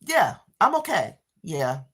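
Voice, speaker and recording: Slow-talking, low-voiced woman livestreamer. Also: huge pitch swings, fairly bright tone, slightly rough. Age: middle-aged. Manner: chatty, reads and answers viewer comments; drawling Southern-style exclamations like "child" and "Lordy days". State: tired, stuffy sinuses. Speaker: livestream host. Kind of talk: casual live chat.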